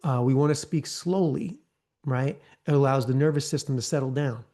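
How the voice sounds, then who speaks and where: A man's voice: medium pitch, moderate pace, dark tone. A man leading a live online training, coaching in a conversational way and often checking in with "okay?" and "right?". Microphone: video call.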